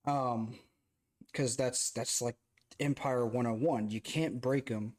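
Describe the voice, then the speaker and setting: A man hosting a casual stream, talking in an animated, rambling way with swearing. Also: mid-range voice, slow pace. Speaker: streamer host. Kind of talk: casual chat.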